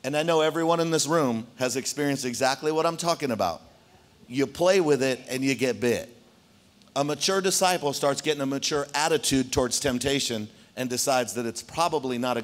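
A man preaching a sermon to his congregation as pastor, telling a story in an animated way and speaking straight to the room. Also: mid-range voice, fairly quick. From Arizona, United States. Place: church hall.

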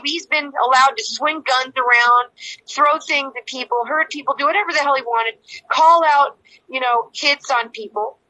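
A woman speaks as an interview guest, pouring out an emotional personal account in a fairly high, bright, forceful voice. She rambles, circles back and repeats phrases, slipping into the voices of people she quotes. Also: lo-fi sound. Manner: rambling, repeats herself, acts out quoted dialogue.

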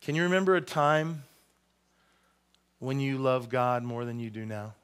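A man's voice: mid-range voice, animated, measured pace, fairly bright tone, clean tone. A male pastor preaching a conversational sermon with joking asides, in a church sanctuary.

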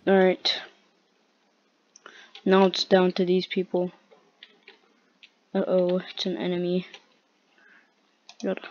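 A woman talks slowly through her gameplay in a fairly low voice, muttering to herself in a playful way. Soft clicks from the keyboard and mouse tap away behind her. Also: monotone, muffled recording, slight background noise. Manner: playful, mutters to herself, chants quacks and doo-doos. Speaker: gameplay video host. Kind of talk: casual gameplay commentary.

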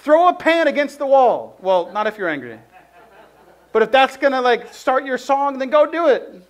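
A man's voice: extremely high pitch, moderate pace. A man preaching a sermon in a casual, conversational way, telling a personal story and often saying "like". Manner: conversational, heavy use of "like", animated storytelling.

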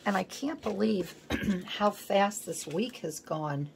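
A woman hosting a collage video, chatting casually as she works at a home craft table, rambling and thinking aloud, sometimes dropping to a soft murmur. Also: mid-range voice, expressive, slow pace, gravelly, heavy background noise. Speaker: collage artist host.

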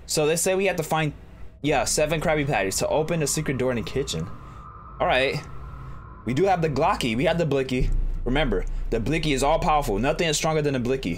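A young man commenting on a horror game he is playing, joking and squealing when startled. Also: slight background noise. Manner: jokey, jumps into high squeals when startled. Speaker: gaming YouTuber. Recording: music bed under voice.

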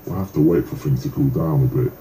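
An actor voicing a dry spy handler in a video game, giving a quick, matter-of-fact briefing. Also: male voice, extremely low pitch, reverberant, a little hiss or hum. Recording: distant game audio over loud music.

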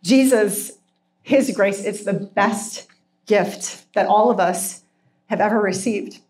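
A middle-aged woman giving a heartfelt sermon with personal testimony, earnest and emotional, slowing down for emphasis and at times tearful. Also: mid-range voice, a little mellow. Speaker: speaker at a Christian retreat.

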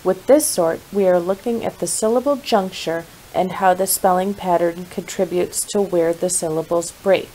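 A woman teaching a spelling lesson, clear, steady and instructive. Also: on the low side, moderate pace, hardly any pauses, rough recording.

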